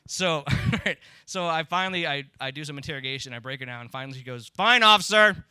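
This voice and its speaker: A man's voice: mid-range voice, steady tone, quick pace, bright, forceful tone, clear, resonant tone, no echo, clean studio sound. A man doing a stand-up comedy set in a club, telling stories in a wry, conversational way. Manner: wry, conversational storytelling with tag lines. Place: comedy club stage with audience laughter.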